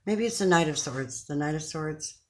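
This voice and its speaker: A woman's voice: deep voice, lively intonation, moderate pace. A middle-aged woman giving a casual tarot reading to her viewers from her chair at home, talking in an effusive, affectionate, chatty way. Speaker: tarot card reader.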